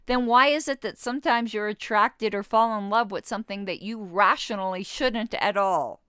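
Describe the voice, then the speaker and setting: A woman's voice: medium pitch, normal speed, a bit bright, clear, resonant tone, no room sound, clean studio sound. A woman in her fifties hosting a podcast, reading passages from an interview aloud and arguing back with blunt disagreement. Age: 50s. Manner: reads quotes then argues back with blunt disagreement. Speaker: podcast host.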